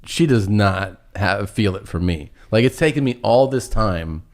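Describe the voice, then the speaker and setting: Very low-voiced man rambling through a story. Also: animated, measured pace. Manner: rambling anecdote full of "I was like", laughing at himself. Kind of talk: casual storytelling.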